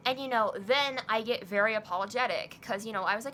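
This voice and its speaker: A woman's voice: a little high, rapid-fire, hardly any pauses, a bit bright, a little hiss or hum. A young woman vlogger telling a personal story in a casual, chatty way, full of fillers, acting out both sides of a chat. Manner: chatty, many fillers, quotes herself and others.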